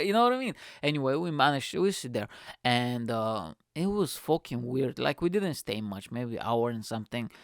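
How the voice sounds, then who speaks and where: A man's voice: fairly high pitch, gravelly, smooth, no echo, studio quality. A man hosting his own comedy podcast, telling a dating story in a casual rant full of swearing. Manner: swears constantly, animated storytelling.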